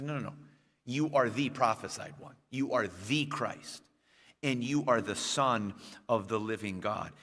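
A man delivering a sermon, pausing on slowed, stressed phrases and climbing into emphatic bursts. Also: mid-range voice, a bit bright. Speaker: preacher. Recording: long reverb of a church hall.

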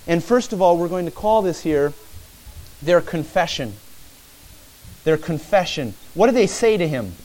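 A man's voice: high-pitched, darkish tone, poor audio. A man preaching a sermon as pastor, earnest and repetitive, often addressing the listeners as friends.

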